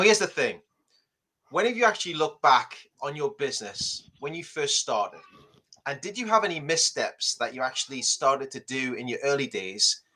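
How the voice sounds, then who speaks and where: A man hosts a podcast with lively, upbeat patter. His voice is bright and forward, with a conversational ease. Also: mid-range voice. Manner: upbeat, animated host patter. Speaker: podcast host. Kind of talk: casual podcast chat.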